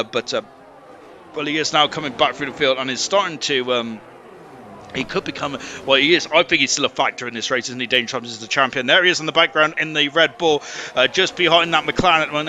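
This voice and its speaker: Excitable man commentating a sim race. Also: high-pitched, noisy background. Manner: excitable, rambling with many fillers and exclamations. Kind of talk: live sim racing commentary.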